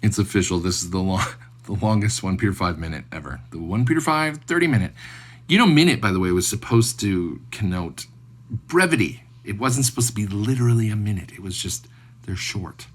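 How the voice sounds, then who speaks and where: A young adult man, a show host, giving casual closing remarks and a fundraising appeal in a relaxed, joking, self-deprecating way. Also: lowish voice, a little fast.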